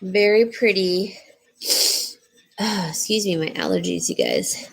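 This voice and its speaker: Her voice gravelly, husky and unhurried, a woman chats her way through a live-stream jewelry sale, answering what viewers comment. She breaks into a high baby-voice coo for her dog.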